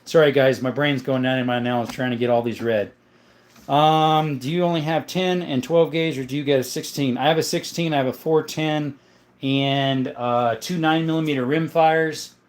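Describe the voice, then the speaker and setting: A man hosting a casual livestream, reading viewer comments aloud and answering them in a relaxed, chatty way. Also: medium pitch, normal speed. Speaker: livestream host showing his gun collection. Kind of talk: casual live-stream chat.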